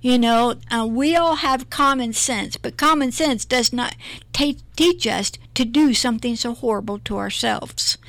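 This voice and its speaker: A woman's voice: fairly high pitch, unhurried, fairly bright tone, no echo. A middle-aged woman minister giving an earnest, emotional personal testimony in an interview, often repeating herself.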